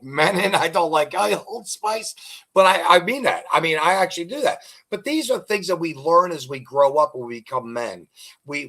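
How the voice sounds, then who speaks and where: An older man hosting a casual interview podcast speaks with a slightly raised, a little high voice and a sharp tone. He rambles through jokes and stories, acting out the dialogue by putting on voices for the people in them.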